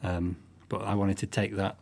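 Low-voiced musician, halting. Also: male voice, level tone, vocal fry, darkish tone. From northwest England. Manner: thoughtful, halting, with restarts. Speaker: guest musician. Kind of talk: relaxed interview chat.

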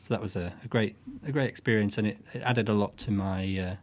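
A man speaks in a fairly low voice as a guest musician in an interview. He talks thoughtfully, pausing and restarting as he explains his craft. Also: steady tone, darkish tone. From northwest England. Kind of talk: interview chat.

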